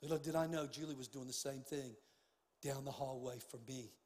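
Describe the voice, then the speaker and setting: An older man preaching a sermon as pastor, impassioned, swinging from hushed tones to loud outbursts. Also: medium pitch, normal speed, big-room sound. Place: church sanctuary.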